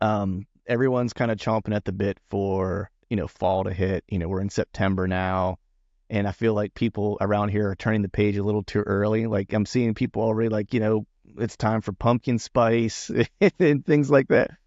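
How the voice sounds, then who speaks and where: A man's voice: on the low side, fairly even intonation, normal speed, darkish tone, no room sound, dull audio. A man hosting a podcast, talking in a rambling, chatty way with lots of restarts and fillers. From Pennsylvania. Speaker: podcast host. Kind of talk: casual interview chat.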